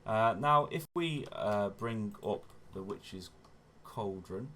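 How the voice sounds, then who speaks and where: A man's voice: lowish voice, expressive, slow pace, pushed and bright, a little hiss or hum. A man hosting a gaming channel, giving chatty step-by-step gameplay commentary and often correcting himself as he goes. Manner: chatty, self-correcting, often says "wonderful".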